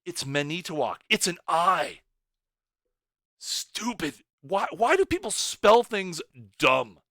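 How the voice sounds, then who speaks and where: A man's voice: high voice, sing-song, takes it slowly, pushed and bright, no room sound, clean studio sound. A man hosting a game livestream, chatting casually and joking playfully with his viewers. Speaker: stream host.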